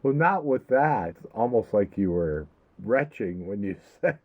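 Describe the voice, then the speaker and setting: A man's voice: fairly low pitch, big pitch swings, unhurried. A man co-hosting a casual podcast, laid-back and mostly giving short agreeing replies. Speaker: podcast co-host. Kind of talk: casual chat. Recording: tinny phone-like line.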